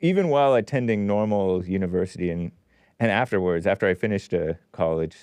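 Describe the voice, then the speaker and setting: Animated sarcastic male host, dry mic. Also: low voice, a little fast, clear, resonant tone, no room sound. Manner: sarcastic asides, animated ups and downs. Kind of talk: casual commentary reading news aloud.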